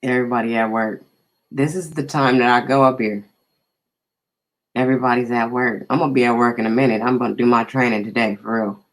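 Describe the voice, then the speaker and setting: Man, live stream host, laid-back casual chat, greets viewers by name, mid pitch. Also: fairly even intonation, fairly quick, rough recording.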